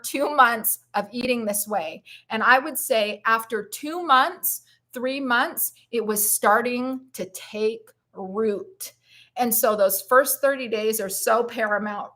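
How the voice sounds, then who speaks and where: High-voiced, effusive plant-based vlogger woman. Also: pushed and bright. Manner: effusive, encouraging, emotional. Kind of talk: live-stream motivational chat.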